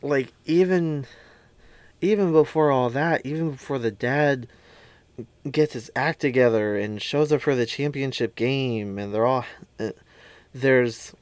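A man chats about a film in a relaxed, unhurried way, his voice smooth and clear. He gushes and fills his talk with ums and likes. The recording is dry, with no room sound. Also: mid-range voice, dry recording. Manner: gushing, chatty, lots of fillers. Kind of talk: casual movie recap.

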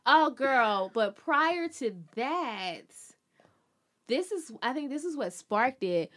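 High-voiced woman telling a story. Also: slow pace. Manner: animated, laughing, quoting others in high voices. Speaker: podcast co-host. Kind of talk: casual storytelling chat.

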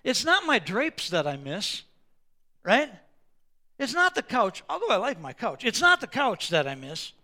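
High, bright-voiced preaching man. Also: wildly swooping pitch. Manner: swings from quiet asides to loud, slow emphatic declarations. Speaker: pastor. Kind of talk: sermon.

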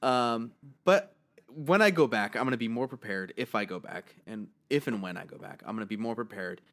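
A man co-hosting a podcast in casual chat, slightly hoarse, telling stories with lots of swearing and laughter. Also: medium pitch, a little fast. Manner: animated storytelling, swears freely, laughs a lot. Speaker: podcast co-host.

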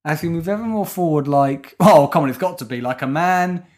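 A man's voice: fairly high pitch, expressive, fairly quick, a little mellow. A man co-hosting a comedy podcast, teasing and sweary, with theatrical sign-offs. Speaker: podcast co-host. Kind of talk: casual comedy chat.

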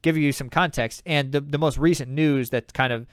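A man's voice: a little high, fairly even intonation, normal speed, no echo, studio quality. A man hosting a podcast, giving emphatic, opinionated commentary on the news with many fillers. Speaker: podcast host.

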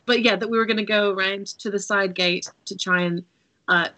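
A woman's voice: mid-range voice, fairly even intonation, fairly quick, sharp tone, low-quality recording. A woman playing in a tabletop game, hedging and giggling as she chats casually. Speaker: player. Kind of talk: casual chat.

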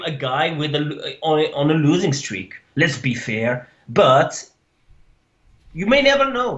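A man co-hosting a casual sports podcast, talking hesitantly with lots of fillers and restarts. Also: fairly bright tone. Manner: hesitant, many fillers and restarts, swooping pitch. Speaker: podcast co-host. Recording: dull lo-fi sound.

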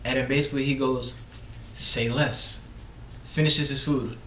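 A man's voice: mid-range voice, little pitch movement, brisk, background noise. Teasing young man in an echoey room. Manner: teasing, storytelling, laughs a lot. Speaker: podcast co-host. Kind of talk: casual podcast banter.

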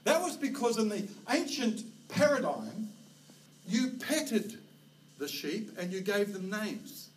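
A high-voiced man with a New Zealand accent preaching a sermon from a stage. He tells stories with animated energy and sometimes shouts out herding calls. The sound is roomy and distant, with a faint hiss behind it. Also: slow. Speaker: pastor. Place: church auditorium. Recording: roomy, distant hall mic with faint noise.

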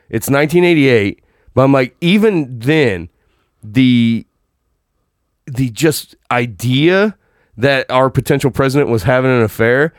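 A man's voice: mid-range voice, clean tone, dry recording, studio quality. A man in casual conversation about movies, rambling and correcting himself as he goes.

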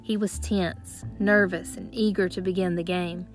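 A woman reading a first-person children's story aloud in a measured storytelling voice. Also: lowish voice, fairly even intonation, faint music behind. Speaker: audiobook narrator. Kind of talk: scripted first-person narration.

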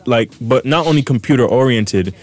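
At normal speed and medium pitch, a young podcast co-host chats casually. He's joking and slangy, and tends to explain things at length.

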